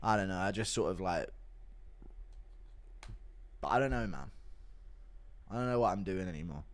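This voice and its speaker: A man chats casually on a livestream and reads out viewer donations. He mumbles low and flat in a downbeat way, then his pitch leaps up into loud, swearing rants. His voice swings widely between those two modes. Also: normal speed. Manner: swears freely. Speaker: streamer.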